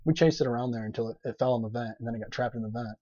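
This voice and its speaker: A man, a podcast guest, telling stories in casual chat, animated, with lots of fillers and laughter in his lines. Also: medium pitch, racing, dry recording. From grew up on a farm. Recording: dull lo-fi podcast audio.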